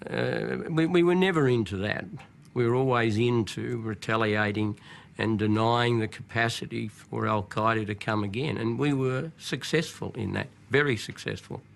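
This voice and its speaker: A man's voice: medium pitch, moderate pace, gravelly, slight background noise. A man in a documentary interview, speaking forthrightly and assertively.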